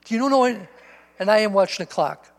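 A male pastor with a fairly high voice preaches in a church sanctuary, reading scripture aloud and turning it straight to his listeners. He repeats words for emphasis, and a long reverb from the hall trails behind each phrase. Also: expressive, a little fast. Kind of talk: sermon.

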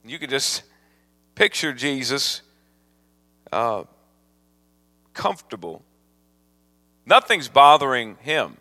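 A man preaching a sermon as a guest evangelist, moving from calm storytelling into fervent, rising exhortation. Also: medium pitch, slow pace, pauses often, big-room sound.

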